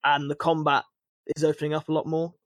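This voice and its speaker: A man talking casually on a podcast, his voice sitting a little high for a man. He rambles, restarting sentences and filling gaps with little fillers. The recording is close and dry. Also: flat delivery, fast, no room sound. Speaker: podcast co-host.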